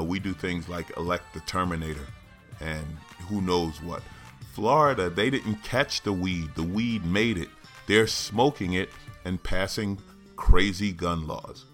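Male podcast host, sarcastic, jokey news commentary, lower voice, faint music behind. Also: a bit bright.

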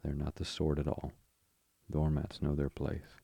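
A man's voice: rumbling low, monotone, unhurried, creaky, dark tone, slightly rough, dry recording, full character voice. A man reading a bedtime story, voicing a fussy male mole who complains, pettish and put-upon.

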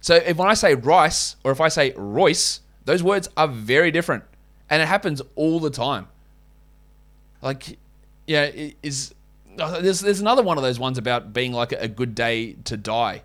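A man's voice: fairly high pitch, normal speed, a bit bright. A man with an Australian accent hosting a solo sports podcast in a casual, blunt, opinionated way, swearing now and then. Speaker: fantasy basketball podcast host.

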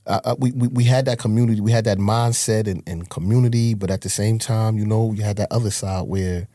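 A man, a podcast guest telling his life story in a slangy, animated way. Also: brisk, dry recording, studio quality. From Harlem, New York. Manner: slangy, animated storytelling with sudden high outbursts. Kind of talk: casual storytelling interview.

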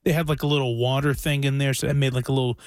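A man's voice: mid-range voice, little pitch movement, rapid-fire, no room sound. A man co-hosting a radio show in the studio, chatting casually and rambling with restarts. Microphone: studio microphone.

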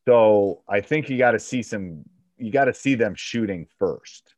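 A man's voice: on the low side, expressive, a little slow, darkish tone, dry recording. A man, a basketball coach and podcast host, giving coaching advice on a one-on-one call and acting out back-and-forth dialogue as he talks.

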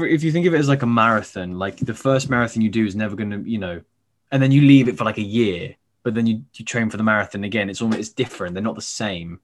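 A man's voice: medium pitch, a little hiss or hum. A man, a stage actor, chatting as an interview guest over a video call, rambling with many fillers and restarts.

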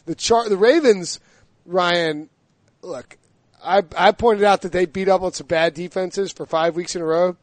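A man's voice: high voice, a little slow, dry recording. A man hosting a casual sports debate, chatty and joking, with frequent fillers. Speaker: sports talk host.

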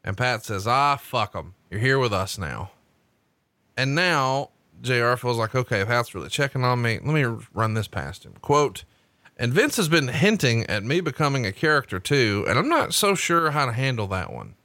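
A man with a Southern accent co-hosting a podcast, narrating an anecdote and reading quotes in a smooth, conversational way. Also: medium pitch, sing-song, moderate pace, bright, forceful tone, no room sound. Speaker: podcast co-host. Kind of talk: podcast ad read and story narration.

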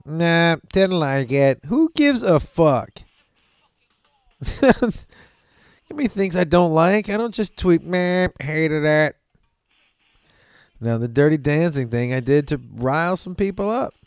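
A man hosting a podcast, telling stories in a loose, profane, animated way with laughs along the way. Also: a little high, smooth, no echo, studio quality. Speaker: podcast host. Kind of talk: casual storytelling chat.

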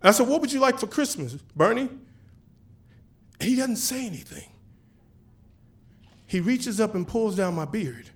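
A man telling a personal story on stage, animated and casual, acting out the dialogue. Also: high-pitched, moderate pace, pauses often. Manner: animated, acts out dialogue with voices; casual, chatty with swearing.

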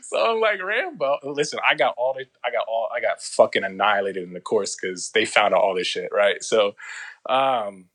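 A male guest in a casual interview tells a long story full of slang and profanity, rambling and restarting loosely while tossing off quick impressions of others. His pitch is fairly low and his tone fairly bright.

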